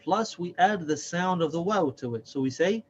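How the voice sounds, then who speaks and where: Man, reading teacher, slow deliberate explanations, repeats sounds to demonstrate, muffled lo-fi audio, faint hiss. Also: high-pitched, expressive. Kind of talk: slow, patient recorded lesson.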